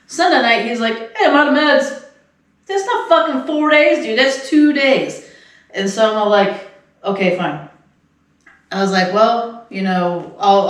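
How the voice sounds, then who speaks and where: A middle-aged woman telling a long story on a podcast, rambling, laughing often and acting out the quotes. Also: medium pitch. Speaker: podcast co-host. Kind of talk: casual chat. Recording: echoey room, far from the mic.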